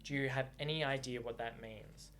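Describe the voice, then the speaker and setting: A man's voice: medium pitch, steady tone, moderate pace, fairly bright tone, close to an everyday voice. A man reading aloud as a hot-tempered young man who blurts out his love through frustrated swearing. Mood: pleading anger.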